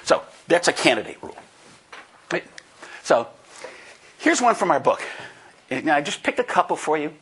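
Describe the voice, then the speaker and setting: Husky man in his sixties giving a talk. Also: fairly high pitch, big pitch swings, moderate pace, long pauses, a bit bright. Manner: emphatic and folksy, with frequent "right?" asides. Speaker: conference speaker and book co-author. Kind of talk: lively presentation to an audience. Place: talk before a live audience.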